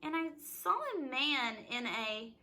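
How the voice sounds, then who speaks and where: A woman's voice: high-pitched, takes it slowly, bright, forceful tone, exaggerated voice. Woman voicing a wary young servant girl, nervous, storybook reading. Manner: nervous, hesitant.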